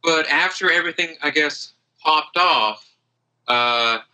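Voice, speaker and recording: A man's voice: on the high side, takes it slowly, sharp tone, heavily acted, poor audio. A man voicing a hungover, friendly female dwarf warrior who chats and rambles gratefully. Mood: recounting.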